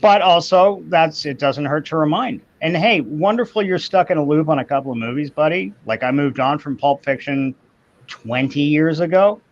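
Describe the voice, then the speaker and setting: A man chatting casually on an online show, giving opinions in slow, drawn-out phrases and acting out the voices he quotes. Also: on the high side. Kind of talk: casual chat. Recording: dull lo-fi audio.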